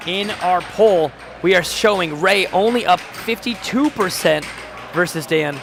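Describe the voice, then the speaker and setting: A man doing live-stream sports commentary, calling plays in quick bursts and reading chat aloud with jokes. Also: sits high, creaky, over music. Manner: rapid play-calling, reads chat aloud, jokey. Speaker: play-by-play commentator. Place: home studio.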